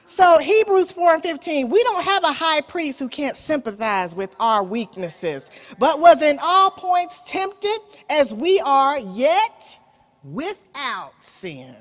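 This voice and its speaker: A woman preaching with a drawl. Her voice sits high and leaps around in pitch, and she calls out to the congregation with folksy asides. She takes her time, stretching out her key lines and dropping some to a near hush. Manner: call-and-response preaching, folksy "y'all", swings from loud to soft. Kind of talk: sermon.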